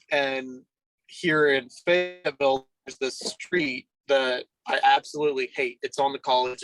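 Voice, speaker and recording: A young man as a podcast guest, telling a story in a rambling, casual way full of fillers and throat clearing. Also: medium pitch, a bit bright, no echo, rough recording.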